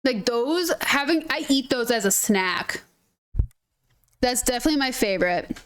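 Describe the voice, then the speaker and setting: A young woman from northern Minnesota talks in a high, bright voice with a soft Minnesotan lilt. She chats freely while streaming a game, bubbly and giggly, hopping from thought to thought. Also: animated, moderate pace. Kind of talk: casual gaming stream chat.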